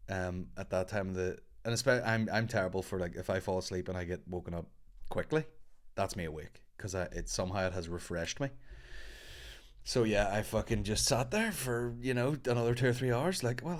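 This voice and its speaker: A man with a low, deep voice tells a rambling story on his podcast. He swears freely and pokes fun at himself. His delivery is casual and conversational. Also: normal speed. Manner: profane, rambling, self-mocking. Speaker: podcast host.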